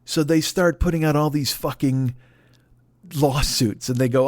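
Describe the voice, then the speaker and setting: A man in his forties hosting a solo comedy podcast, ranting in a profane, exasperated, animated way. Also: on the high side, normal speed, no room sound, studio quality. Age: 40s.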